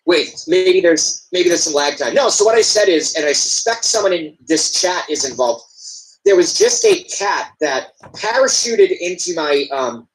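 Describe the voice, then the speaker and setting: A man's voice: high voice, very animated, moderate pace, rough recording. Goofy man telling stories on a call. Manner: storytelling, goofy, hesitant restarts. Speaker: call-in guest. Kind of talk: casual chat over a video call. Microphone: video call.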